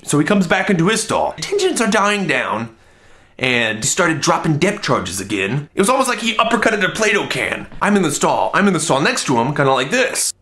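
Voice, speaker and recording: A young man delivering a comedic story monologue with animated, exaggerated comic delivery. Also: a little high, a little fast.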